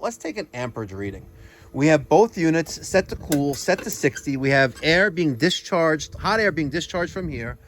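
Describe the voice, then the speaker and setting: A man's voice: on the high side, fairly bright tone. A man hosting an HVAC job-site vlog, talking in a salesy, infomercial-style patter about the system he just installed. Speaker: HVAC contractor and show host. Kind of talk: casual on-the-job vlog talk.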